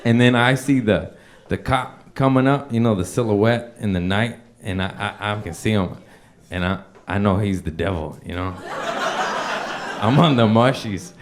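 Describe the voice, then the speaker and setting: A man's voice: lowish voice, measured pace. A young man doing stand-up, telling a long story in a loose, profane way and chuckling as he goes. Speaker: stand-up comedian. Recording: live room with audience laughter.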